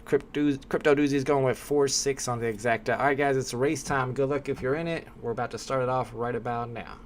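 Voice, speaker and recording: A man's voice: mid-range voice, a little fast. Male stream host, easygoing casual chat, faint noise behind. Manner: relaxed, chatty, talking to chat. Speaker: livestream host.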